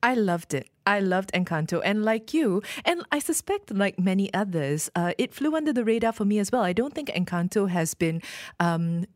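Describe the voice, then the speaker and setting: A woman's voice: mid-range voice, lively intonation, moderate pace, no echo, studio quality. A woman co-hosting a radio film review show, chatting enthusiastically. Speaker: radio co-host.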